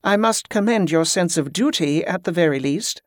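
An audiobook narrator voicing a middle-aged monk man who speaks in a measured, formal way. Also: medium pitch, animated, dry recording, clean studio sound, lightly acted. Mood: calm.

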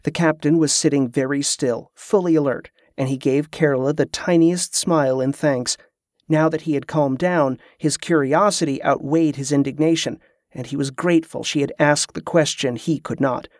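Man, audiobook narrator, steady, measured, slightly high voice, dry close sound. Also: no room sound. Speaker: author and narrator.

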